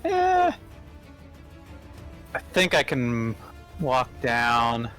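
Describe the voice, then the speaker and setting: A man playing in a tabletop game, speaking in an unhurried, wry way. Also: mid-range voice, wildly swooping pitch, a bit bright, soft background music. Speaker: player. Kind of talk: casual tabletop game chat.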